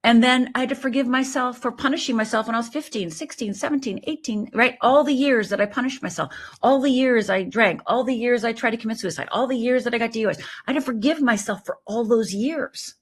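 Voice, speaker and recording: A woman in her sixties, a life coach, telling her story as an interview guest in an animated way, often asking "right?". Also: on the high side, fairly quick, few pauses. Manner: animated, tags thoughts with "right?".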